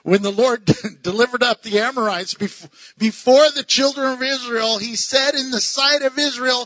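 High, bright-voiced excitable Bible teacher man. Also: moderate pace, no room sound. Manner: excitable, laughs often, acts out quoted voices. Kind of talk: animated Bible study teaching.

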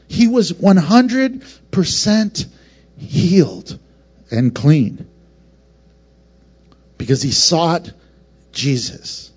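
A man with a high voice preaches with passion, swinging from soft, low moments to bright, raised ones and tossing in playful acted asides. The sound is muffled and lo-fi. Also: lively intonation, takes it slowly, long pauses, slightly rough. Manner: passionate, varied delivery with laughs and acted asides. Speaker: pastor. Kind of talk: sermon.

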